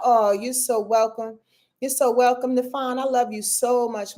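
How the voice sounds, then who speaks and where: A woman hosting a live astrology forecast, her voice sitting a little high. She preaches with emphasis, repeats herself to drive points home and calls her viewers "y'all" with open affection. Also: fairly even intonation, unhurried, dark tone, slight background noise. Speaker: astrologer and show host.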